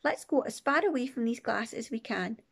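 A woman's voice: expressive, fairly quick, vocal fry, husky, exaggerated voice. A woman doing a whispering old granny. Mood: hushed. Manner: hushed, lowered voice.

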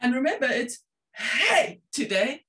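A woman's voice: high voice, big pitch swings, unhurried, fairly bright tone. A middle-aged woman leading an online laughter yoga session over a video call, playful and coaxing, laughing often.

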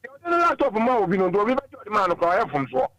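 A man's voice: high voice, big pitch swings, very fast, a crowd in the background, rough recording. A man calling in to a radio talk show, giving earnest, moralizing opinions. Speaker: caller. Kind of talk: call-in radio chat.

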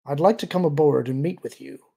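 Mysterious visitor over the bridge speakers, narrator-voiced, assured and persuasive, husky. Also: male voice, fairly high pitch, brisk, warm tone. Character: mysterious male visitor, confident and smooth.

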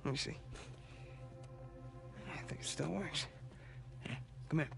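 An actor playing an easygoing older brother in video game cutscene dialogue, talking in a relaxed, coaxing way. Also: male voice, a little high, takes it slowly, gravelly, soft background music. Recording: game audio under loud score.

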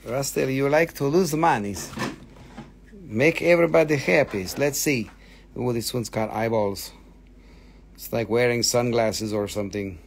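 Man, live sales host, gravelly voice, excited patter. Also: mid-range voice, unhurried, a little hiss or hum. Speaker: live-stream seller.

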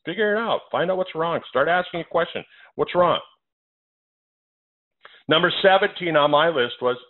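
A man with a fairly high voice talks to listeners on a conference call, working through numbered health points. He hammers his phrases with repetition. The sound is thin and narrow, like a phone line. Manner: emphatic, repeats phrases, lists numbered points. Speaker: doctor hosting a health call.

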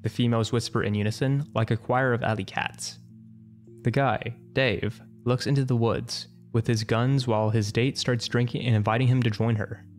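A man's voice: medium pitch, steady tone, moderate pace, faint music behind. Man with a wry comedic story narration.

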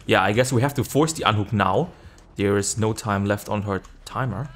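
A man giving live gameplay commentary, excitable, swearing casually, jumping to high yelps when the game gets tense. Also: normal speed. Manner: swears casually and laughs at himself. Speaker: video game streamer.

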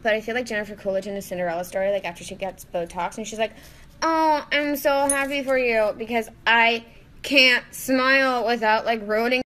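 A woman's voice: fairly high pitch, steady tone, brisk, bright, forceful tone. A woman chatting in a casual selfie video diary at home, bubbly and exclamatory, recorded on a phone held at arm's length. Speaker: vlogger. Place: at home indoors.

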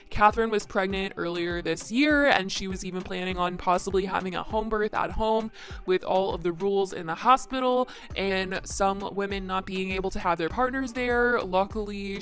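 A young woman hosting a casual commentary show, exasperated, with lots of "like" fillers. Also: medium pitch. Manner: exasperated, says "like" a lot. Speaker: commentary podcast host.

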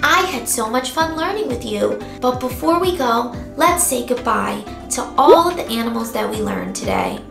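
A young woman leading a toddler circle time lesson with songs, speaking in a slow, exaggerated sing-song way. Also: fairly high pitch, sing-song, creaky. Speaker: preschool teacher. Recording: echoey room with music behind.

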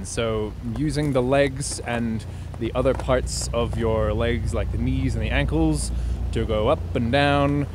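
A young man chatting casually to the camera outdoors on a ski slope, excitable and thinking aloud as he goes. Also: mid-range voice, measured pace, noisy background. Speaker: vlogger learning to snowboard. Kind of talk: casual vlog commentary.

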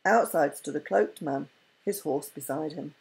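A woman narrating a storybook tale in a gentle, unhurried reading. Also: sits low, gravelly, slightly rough, low-quality recording.

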